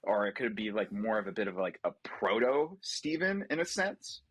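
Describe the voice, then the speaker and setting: A man's voice: on the low side, big pitch swings, moderate pace, fairly bright tone, slightly rough. A man in casual podcast chat, talking loosely with hedges and the odd swear. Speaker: podcast co-host.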